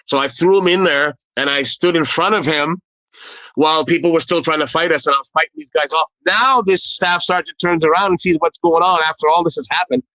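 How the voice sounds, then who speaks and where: A middle-aged man, a former nightclub doorman, casually telling a story with lively quoted dialogue and repeated phrases. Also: fairly high pitch, brisk, no echo, low-quality recording.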